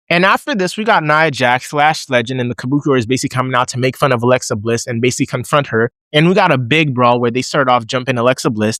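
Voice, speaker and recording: A man giving a casual recap and review of a wrestling show, animated, acting out his own reactions in a raised voice. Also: mid-range voice, dry recording, studio quality.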